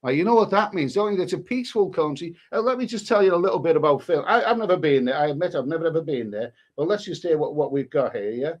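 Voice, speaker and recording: A man's voice: on the high side, expressive, quick pace, hardly any pauses, dull audio. A man, hosting a live stream and rambling through crude commentary with many restarts. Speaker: livestream host.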